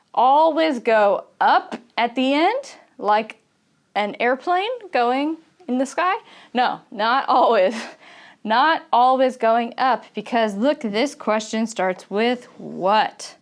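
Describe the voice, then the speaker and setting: A woman in her young adult years gives an online English lesson. Her voice sits a little high and she takes her time, spelling out each word clearly and pausing to check that learners follow along. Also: animated. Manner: slow, clear teaching delivery with frequent laughs and "okay?" checks. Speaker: English pronunciation teacher.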